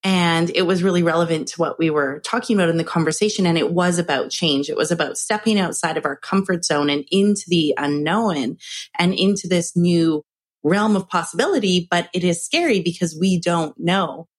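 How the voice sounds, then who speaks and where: A woman hosting a podcast, chatting in a quick, enthusiastic and encouraging way. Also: fairly low pitch. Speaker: podcast host. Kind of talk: casual chat.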